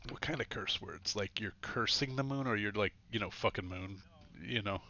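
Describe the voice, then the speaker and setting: A man narrating a tabletop game as game master, rambling and correcting himself as he goes, with a quick laugh. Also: fairly low pitch, sharp tone, highs cut off, a little hiss or hum.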